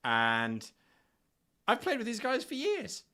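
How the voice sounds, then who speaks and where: A male host with a bright, ringing voice tells stories with a lot of swing in his pitch. He is animated and quick to laugh as he talks shop with a guest. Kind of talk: casual podcast chat.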